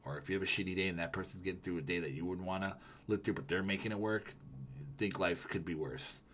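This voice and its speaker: A man hosting a live stream in loose, profane chat that drifts from topic to topic. His voice sits a little low, and he breaks into loud ranting bursts. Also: fast talker, a little hiss or hum. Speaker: livestreamer. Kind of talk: casual stream chat, reading comments.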